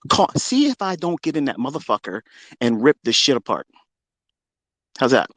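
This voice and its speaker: A man's voice: very animated, normal speed, no echo. Guy ranting on a live stream, swearing a lot, bragging and taunting, dry close sound. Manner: profane, boastful, taunting; swings between loud outbursts and low muttering. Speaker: trading educator and Twitter Space host. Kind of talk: heated live rant.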